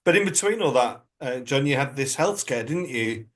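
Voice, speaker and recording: Gentle man asking rambling questions. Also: medium pitch, expressive, moderate pace. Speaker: podcast host, priest. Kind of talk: interview questions.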